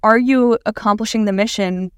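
Woman, podcast co-host, measured, reflective, smooth resonant voice, dry close sound. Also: a little high, dry recording. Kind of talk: podcast conversation.

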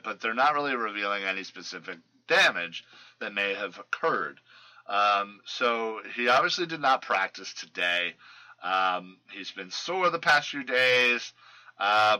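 A man talks loosely through football injury and roster news. His voice is very bright and forward. He stumbles and restarts often, filling gaps with ums and uhs. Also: mid-range voice, rough recording. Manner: loose and rambling, many fillers and restarts. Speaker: fantasy football podcast host. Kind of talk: casual sports news chat.

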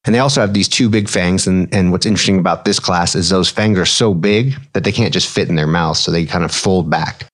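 A man in his thirties with a low, deep voice talks through medical details in a relaxed podcast chat. He explains things plainly and mixes clinical terms with casual slang, like a physician at ease with his co-host. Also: fairly quick, hardly any pauses.

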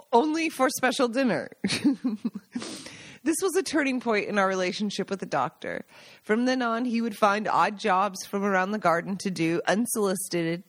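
An American woman reads a chapter of her own memoir aloud, mid-pitched and conversational. Her delivery is wry and self-amused, like she's telling stories to friends. The sound is dry and close, with no room echo. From United States. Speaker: podcast host and author.

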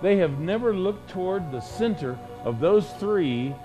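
A man preaching with a fairly high, lively voice that leaps up and drops low. He hammers his points with rhetorical questions, loud one moment and hushed the next. Faint music and a low mains hum sit under him. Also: measured pace, low-quality recording. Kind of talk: radio sermon.

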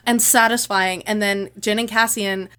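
A woman hosting a podcast, talking about something she loves in an emotional, effusive way. She rambles quickly with a lot of restarts, at a middling pitch. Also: fairly even intonation, fairly bright tone. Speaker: podcast host. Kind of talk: casual podcast discussion.

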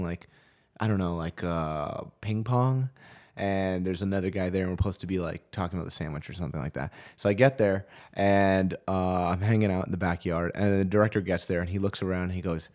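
A man's voice: low-pitched, steady tone, a little fast, darkish tone. A young man casually telling a long, rambling story with many fillers as a guest in a chat.

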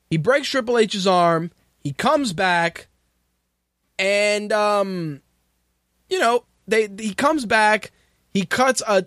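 A man with a fairly high voice rants through profane, exasperated show commentary. He is recorded dry and close with no room sound around him. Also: fairly bright tone, no echo. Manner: ranting, exasperated, swears freely. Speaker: radio show host.

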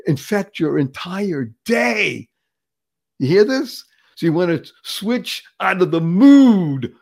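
Older guy in his 70s, peppy motivational speaker, kinda high voice, keeps laughing and saying hello. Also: gravelly, a little mellow. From Boston area, USA. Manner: emphatic, repeats words, laughs often, says "hello" as a punchline. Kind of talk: upbeat motivational interview talk.

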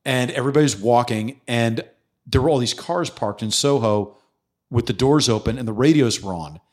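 A man's voice: medium pitch, moderate pace. Middle-aged New man telling war stories. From New York City. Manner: animated storyteller who acts out quotes, swears freely. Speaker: guest, former police detective and actor. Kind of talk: casual storytelling interview.

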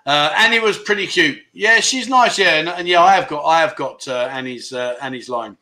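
A middle-aged man hosts a casual livestream from home, reading viewer comments and bantering chummily, calling people "mate" and "my friend." His voice is fairly high, bright and forceful, at a moderate pace.

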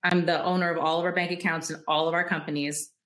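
Animated woman telling stories in an echoey room. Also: on the low side, quick pace. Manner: animated, acts out quoted dialogue, laughs often. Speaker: guest entrepreneur. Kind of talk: candid storytelling interview.

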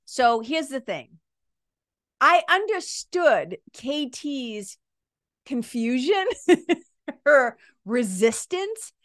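A woman around fifty tells a story in an animated, casual way. She laughs as she talks and swears freely. Her voice sits a little high, and the close mic sounds dry. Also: very slow, long pauses, dry recording. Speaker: podcast host.

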